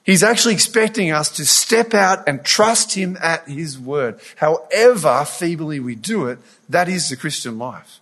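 A man preaching a sermon, retelling a scripture story in an earnest, animated way with frequent restarts. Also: on the high side, measured pace, hardly any pauses.

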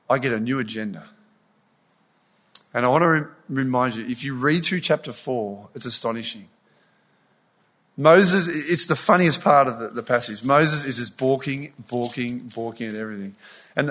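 A man preaching a sermon, retelling a scripture story in an earnest, animated way with frequent restarts. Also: mid-range voice.

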